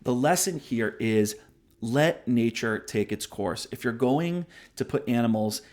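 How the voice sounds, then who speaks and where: Unhurried and darkish in tone, a medium-pitched male voice with lively intonation hosts a book review show. He explains ideas conversationally, often adding "right?" and noting when he's digressing.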